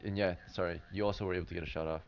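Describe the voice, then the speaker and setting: A man's voice: sits low, steady tone, rapid-fire, vocal fry, smooth. A man running a tabletop game as game master, narrating loosely with lots of fillers and "right?" check-ins to his players. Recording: dull lo-fi stream audio with faint hiss.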